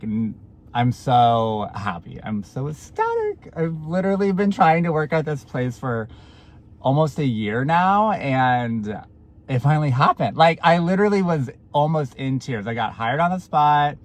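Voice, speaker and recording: A man's voice: mid-range voice, lively intonation, unhurried. A man in his twenties, chatting in a casual vlog, gushing and swearing often. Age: 20s. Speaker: vlogger.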